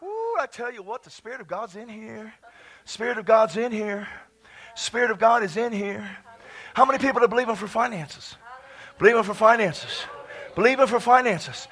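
A man preaching a charismatic sermon in a church, exuberant, bursting into shouts and laughter between calmer teaching. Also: high-pitched, normal speed. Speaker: pastor.

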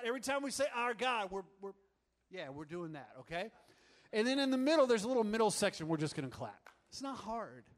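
A man's voice: high voice, sing-song, brisk. A man leading a church congregation, teaching them a song with upbeat, coaxing and teasing remarks. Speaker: worship leader. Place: church room with an audience.

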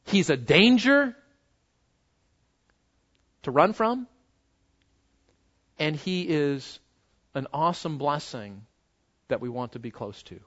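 A man's voice: a little high, expressive, slow pace, long pauses, fairly bright tone, highs cut off. A man preaching an expository sermon as pastor, emphatic, swinging from raised stresses down to near murmurs and asking his listeners rhetorical questions.

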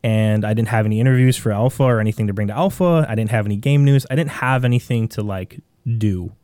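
A man with a Midwestern American accent tells a long story as a podcast guest, rambling and animated, often restarting his sentences. His voice sits low, dark and mellow. It is recorded dry, with little room sound. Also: quick pace, clean tone, no echo. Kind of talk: casual storytelling.

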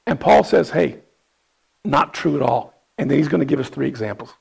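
A middle-aged man, a pastor preaching a sermon with a hoarse, raspy voice, building to impassioned, emphatic questions. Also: medium pitch, lively intonation, a little fast, a little mellow, low-quality recording. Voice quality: raspy, gravelly.

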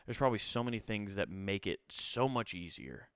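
Very animated yet speaking at normal speed, a podcast host with a fairly bright, clean tone rants solo and swears a lot. He sometimes ridicules others in a high sneer, recorded cleanly in a studio without echo.

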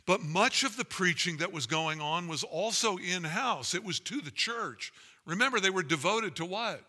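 A man's voice: high-pitched, animated, moderate pace, sharp tone. A man preaching a sermon as pastor, earnest and building to emphatic, rising passages. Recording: long hall reverb.

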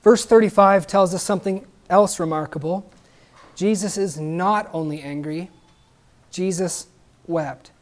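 A man's voice: sits high, measured pace. A man preaching a sermon emphatically, asking the congregation questions and adding joking asides.

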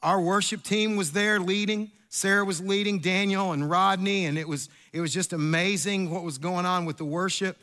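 A middle-aged man, preaching a sermon in an animated, storytelling way with asides and repeats. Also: sits high, moderate pace, few pauses. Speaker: pastor.

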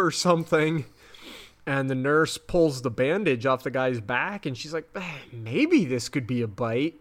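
A man co-hosting a podcast, casually recapping a TV episode in an animated way and jumping up high when he is grossed out. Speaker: podcast co-host.

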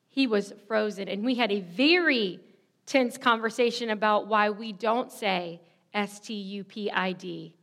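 A woman's voice: mid-range voice, a little slow, fairly bright tone. A woman in her thirties preaching a sermon, telling a candid personal story in a self-deprecating way. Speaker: pastor.

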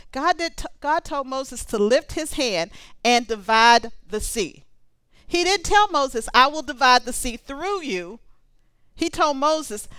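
A woman preaching a sermon, conversational and animated, reading scripture aloud between comments. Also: high voice, normal speed, clear, resonant tone, no echo.

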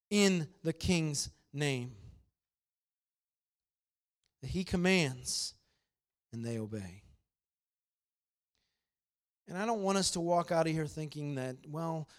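A man preaching a sermon as pastor, swinging between loud, emphatic proclamation and quiet, conversational storytelling. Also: fairly high pitch.

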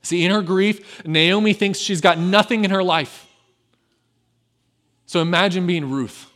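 A man preaching a sermon as pastor, dropping to a hushed, tender voice and then rising loud and urgent. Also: high voice, unhurried.

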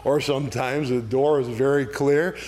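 At normal speed and medium pitch, a man guides an adult Bible study off the cuff, talking through verses conversationally and regularly asking "all right?". He animates the text by voicing its speakers with energy.

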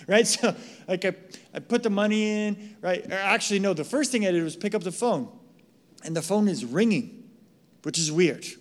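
A man from the United States preaching a sermon, telling a story with lots of "right?" asides. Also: sits high. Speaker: pastor.

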